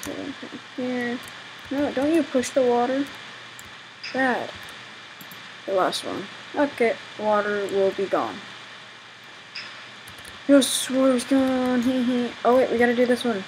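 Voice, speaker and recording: A young woman with a fairly high voice chats her way through a gameplay session, often exasperated and exclaiming. A faint hiss sits under her voice at home. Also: takes it slowly, long pauses. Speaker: gaming channel host. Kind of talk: casual gameplay commentary.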